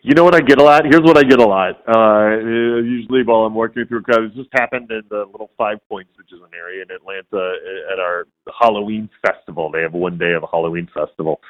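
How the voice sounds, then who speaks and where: A man's voice: lowish voice, quick pace, hardly any pauses, lo-fi sound. A man, a voice actor guest in a casual interview, telling stories and acting out the voices of people he quotes. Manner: animated storyteller who acts out quoted voices.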